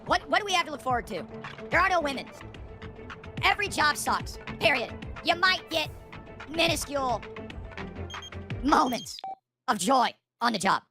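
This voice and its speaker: Over music, a middle-aged man rants bitterly and profanely about his life on a livestream from home, seated at a streaming microphone with auto gain. His voice is very high and creaky, with big pitch swings, normal speed and frequent pauses.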